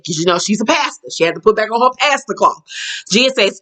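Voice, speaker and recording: A woman casually recapping a reality show episode, animated and slangy, laughing and acting out the quotes. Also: a little fast. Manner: animated, laughing, acts out quotes in a higher pitch; slangy and profane, says child and girl.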